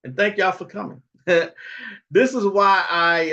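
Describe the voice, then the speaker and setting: Slow-talking man on dull lo-fi livestream. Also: high-pitched, fairly even intonation, sharp tone. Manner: rambling, frequent chuckles, tag questions. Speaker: livestream host. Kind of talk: casual livestream talk answering chat.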